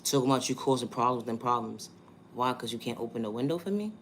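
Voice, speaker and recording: A man's voice: mid-range voice, quick pace, slight background noise. A man with a New York accent, talking through a monologue vlog in an emphatic, repetitive way and asking rhetorical questions.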